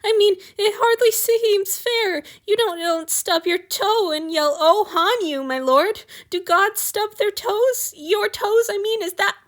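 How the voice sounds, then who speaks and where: A clumsy, anxious young servant , put on by a woman reading aloud, squeaks his apologies and tumbles into babbling. The voice sits high above her own and rings bright. It belongs to a spoken storybook. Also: measured pace, hardly any pauses, clear, resonant tone.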